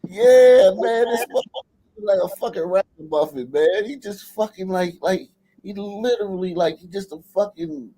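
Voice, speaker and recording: A man's voice: high-pitched, normal speed, dark tone, rough recording. A male livestream host giving casual, profane, mocking reaction commentary.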